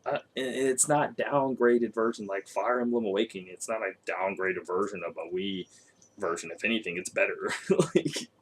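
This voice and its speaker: A man talking casually about video games in an animated way, laughing often and swearing. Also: on the low side, moderate pace, breathy edge. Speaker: co-host. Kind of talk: casual gaming chat.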